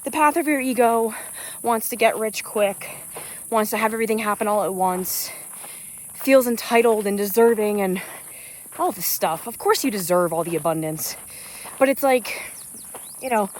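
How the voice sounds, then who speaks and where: Woman coach, earnest and loose, vlogging mid-hike, slightly winded, phone mic with faint outdoor noise. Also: mid-range voice. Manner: earnest, uplifting, loose and rambling with fillers. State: slightly out of breath from hiking. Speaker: spiritual business coach. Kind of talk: unscripted motivational vlog on a walk. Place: outdoors on a hiking trail in nature. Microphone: phone without an external mic. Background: crickets and insects.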